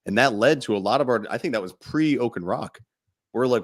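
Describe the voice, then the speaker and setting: A man's voice: medium pitch, expressive, fairly quick. A man co-hosting a fatherhood podcast, chatting casually and bluntly, swearing and laughing often. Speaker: podcast co-host.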